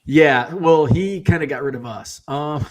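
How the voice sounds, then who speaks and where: A man telling a story casually, acting out the quoted lines with lively shifts in his voice. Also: fairly high pitch, measured pace. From Midwestern US. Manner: animated, acts out quoted voices. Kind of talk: casual storytelling on a live stream.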